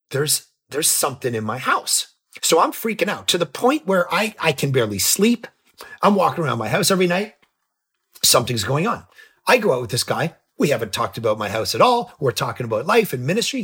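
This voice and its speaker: A middle-aged man, a pastor and author, telling a story as a podcast guest, lively and jumping in pitch when he acts out scenes. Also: slightly rough. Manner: animated, jumps pitch when acting out scenes. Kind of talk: casual storytelling in an interview.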